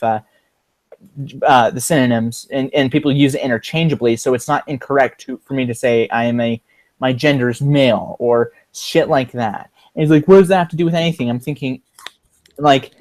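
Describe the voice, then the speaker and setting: A man's voice: mid-range voice, no room sound. A man chatting casually on a livestream, rambling and profane with frequent fillers and restarts, recorded on a computer mic. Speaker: livestream co-host.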